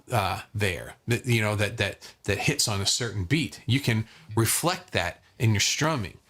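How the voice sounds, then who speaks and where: A man teaching a live online guitar lesson in a relaxed, chatty way, counting beats aloud as he strums. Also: medium pitch. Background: acoustic guitar strumming.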